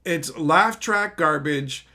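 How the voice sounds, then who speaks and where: Male streamer, casual chat, profane ranter, fairly high, bright voice. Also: slow. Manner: profane, ranting.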